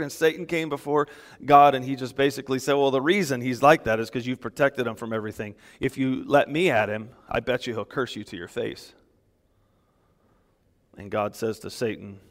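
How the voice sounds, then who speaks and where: A man preaching a sermon as pastor, emphatic and animated, with small laughs between points. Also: a little high, long reverb tail.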